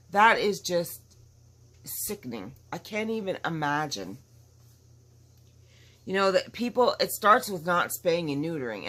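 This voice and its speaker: A woman with a somewhat low voice chats casually to her viewers from home. She talks in an emphatic, outspoken way and rambles from one point to the next. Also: sharp tone. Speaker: vlogger. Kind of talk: casual chat to camera. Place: at home with dogs nearby.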